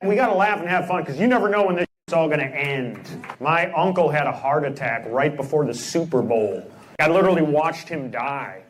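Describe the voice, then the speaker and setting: A man doing stand-up comedy, firing off punchy one-liners and quick asides to the crowd on a club stage. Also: a little high, expressive, a little hiss or hum. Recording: echoey club with loud audience laughter. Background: audience laughing and applauding.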